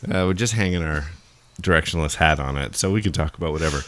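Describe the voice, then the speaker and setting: A man's voice: a bass voice, fast talker, a bit bright. A man co-hosting a casual podcast, rambling and joking and laughing often. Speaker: podcast co-host. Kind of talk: casual chat.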